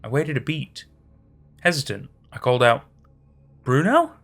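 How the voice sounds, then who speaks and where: A man narrating a horror story in a dramatic, expressive reading. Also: mid-range voice, moderate pace. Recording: faint background music.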